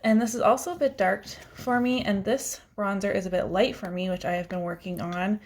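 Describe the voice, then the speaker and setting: This beauty vlogger, a young adult woman, speaks fairly quickly in a medium-pitched voice with fairly even intonation. She laughs a lot while chatting casually and self-deprecatingly about the contents of her makeup drawer.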